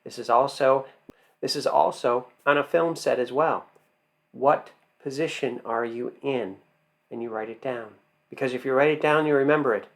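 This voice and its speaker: Male acting coach, mid-pitched and emphatic, quizzes his viewers and answers himself. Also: normal speed. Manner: emphatic, fires rhetorical questions and answers them. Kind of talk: instructional talk to camera.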